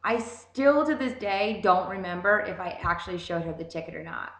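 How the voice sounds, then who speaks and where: A young woman telling a story in a casual, animated way, swearing constantly. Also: medium pitch, normal speed. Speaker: vlogger. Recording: roomy echo.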